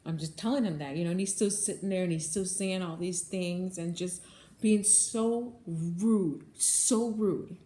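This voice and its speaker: A woman's voice: lowish voice, measured pace, warm tone. A woman who manages a bagel shop, telling a story to her viewers in a casual vlog, earnest and repetitive, often calling them guys. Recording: echoey room, faint background noise.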